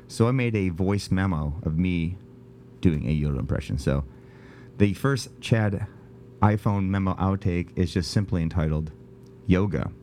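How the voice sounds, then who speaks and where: Speaking from indoors at home, a man hosts a podcast full of casual comedic chat, rambling, joking and cutting himself off. His voice is deep and mellow, with a little hiss or hum present.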